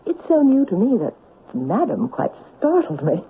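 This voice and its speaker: A woman's voice: on the high side, huge pitch swings, normal speed, narrow, tinny audio. A poised, teasing newlywed lady, lilting. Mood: playful. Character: poised, playful newly married lady, gracious and sly. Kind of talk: 1940s radio acting. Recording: scratchy old radio broadcast with faint hiss.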